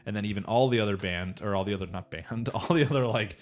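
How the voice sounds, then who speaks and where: Brief: man, rapid casual podcast recap, low voice, acts out lines. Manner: animated retelling, acts out characters' lines; frequent swearing and laughing. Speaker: podcast co-host. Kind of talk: casual anime recap chat.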